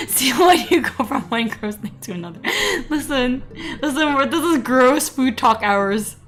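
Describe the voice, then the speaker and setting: A high-pitched young-sounding woman chats with her stream audience. Her voice swoops up and down as she tells animated stories and breaks into frequent giggles. Soft music plays faintly behind her. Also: slow. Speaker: VTuber streamer. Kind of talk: casual livestream chat.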